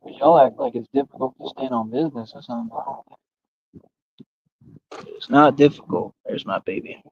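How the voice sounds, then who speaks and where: A man's voice: fairly high pitch, wildly swooping pitch, moderate pace, gravelly, highs cut off, slight background noise. A man in a casual livestream rant, using street slang, repeating himself and talking straight to his viewers. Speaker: livestream host.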